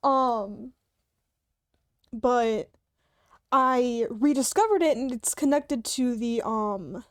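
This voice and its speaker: A woman's voice: fairly high pitch, lively intonation, slow, long pauses, dry recording, studio quality. A woman streamer rambling casually and giggling while showing off sound effects and voice changer settings. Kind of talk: casual livestream chat. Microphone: headphones beneath a hat.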